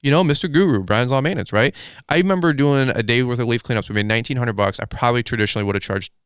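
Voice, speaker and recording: A man hosting a podcast in casual chat, rambling excitably with lots of fillers. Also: medium pitch, racing, smooth, dry recording, studio quality. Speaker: podcast host.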